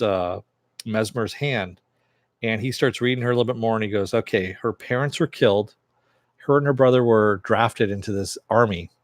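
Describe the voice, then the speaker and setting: A man's voice: on the low side, no echo. A man casually recapping a TV episode, retelling scenes loosely with fillers and occasional laughs. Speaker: show reviewer.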